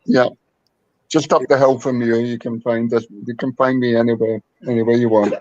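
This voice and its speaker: A man's voice: mid-range voice, steady tone, normal speed, darkish tone, dry recording. Dry-joking man on dull audio. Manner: brief backchannel, dry jokes. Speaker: co-host. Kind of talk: casual chat.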